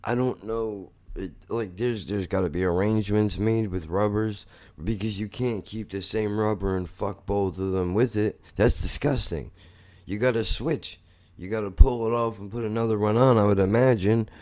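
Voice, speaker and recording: Male podcast host, low-ish voice; rambling, blunt, profane monologue. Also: steady tone, moderate pace, darkish tone. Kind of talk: casual storytelling monologue.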